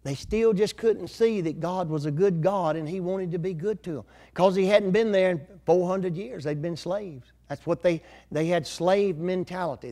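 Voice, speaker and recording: A man's voice: sits high, normal speed, few pauses, warm tone. An older man preaching a sermon in a folksy, conversational way.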